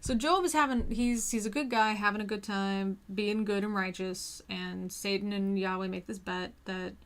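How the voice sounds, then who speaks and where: A woman hosts a relaxed, casual talk in a voice of middling pitch. She rambles and often restarts her sentences. She fills her pauses with frequent ums. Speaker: host. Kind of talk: casual chat.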